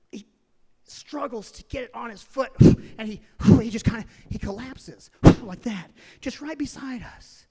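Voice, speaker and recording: A middle-aged man doing stand-up storytelling, animated, swinging between loud shouting and hushed whispers. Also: extremely high pitch, normal speed, a faint crowd, a little hiss or hum. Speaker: stand-up comedian. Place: large theater stage. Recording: reverberant theater sound.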